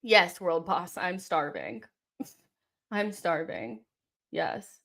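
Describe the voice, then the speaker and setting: A young woman hosting a live football watchalong, reacting with exasperation and yelling at the referee and players. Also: fairly low pitch, sing-song, drawn-out words, creaky.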